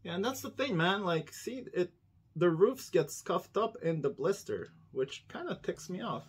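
A man's voice: high voice, lively intonation, moderate pace, breathy edge. A man hosting a casual unboxing vlog indoors, rambling and chatting to viewers with frequent laughs. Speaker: diecast collector channel host.

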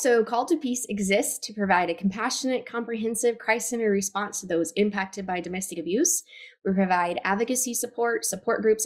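A woman guest in an interview, candidly and earnestly telling her personal story. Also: medium pitch. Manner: candid, earnest, retells scenes in quotes. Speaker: guest, abuse advocacy worker.

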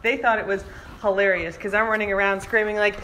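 Outdoors by the ocean, a woman vlogs to her camera and her dogs, telling an animated story with playful asides to the pups. Her voice is mid-range and she talks fast.

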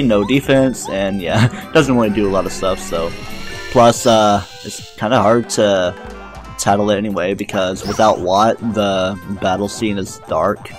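A man casually commentating his own gameplay as a let's play host, offhand and rambling. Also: fairly low pitch.

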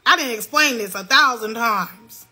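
A young woman vents to her livestream viewers in a heated, loud, profane rant. Her voice sits high and sounds bright and sharp. She repeats herself again and again as she pushes her point. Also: lively intonation, unhurried, slightly rough.

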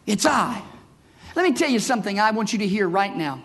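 A man preaching a sermon in church as pastor, building from measured storytelling into impassioned, shouted bursts. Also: high voice, sing-song.

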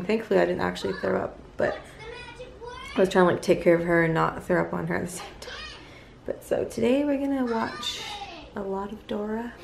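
A woman's voice: medium pitch, vocal fry, noisy background. A young woman and mother talking casually to the camera at home, chatty and rambling with lots of fillers. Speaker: family vlogger, mother. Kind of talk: casual vlog chat. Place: home, on the couch.

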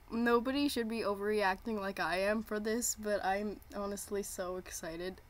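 A young woman with a medium-pitched voice talks at normal speed, hardly pausing, as she waits live for a show premiere. Jittery with nerves, she gushes excitedly and repeats herself throughout this live reaction vlog.

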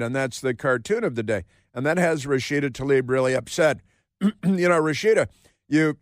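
A man's voice: medium pitch, dry recording. A male talk radio host in a studio, delivering a sarcastic, rambling monologue full of filler words.

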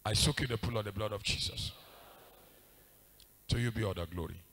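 A male pastor preaching in a church service, swinging between shouted commands and hushed pleading in a sing-song cadence. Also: fairly low pitch, a little fast. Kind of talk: fiery prayer sermon.

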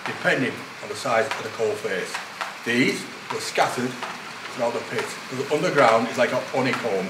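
An older man, a former miner guiding visitors through a museum, telling stories with lively energy and laughing at himself. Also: medium pitch, background noise. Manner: animated storyteller, laughs at himself. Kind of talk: guided tour talk. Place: indoor mining museum.

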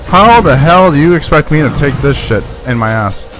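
A man's voice: on the high side, expressive, normal speed, over music. A man giving live gameplay commentary, swearing a lot and yelping when startled. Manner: profane, jumpy, yelps when startled. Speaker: let's play gamer.

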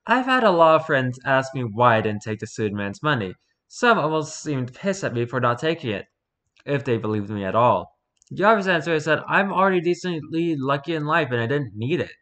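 A man's voice: medium pitch, a little fast. Man casually reading spooky stories. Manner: relaxed, unpolished reading with restarts and self-corrections. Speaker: story reader.

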